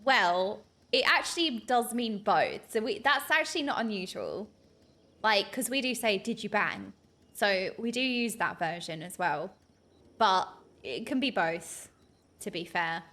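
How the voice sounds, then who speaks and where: Animated British woman streamer, bright voice. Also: medium pitch, measured pace. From United Kingdom. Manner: animated, bursts into laughter and mock outrage. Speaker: game streamer. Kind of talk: casual chat while streaming a game.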